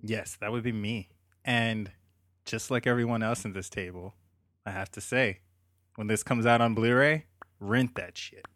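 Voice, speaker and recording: A man's voice: fairly low pitch, steady tone, moderate pace, a bit bright, no echo, clean studio sound. A man on a movie podcast panel giving blunt, offhand opinions. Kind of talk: casual film podcast chat.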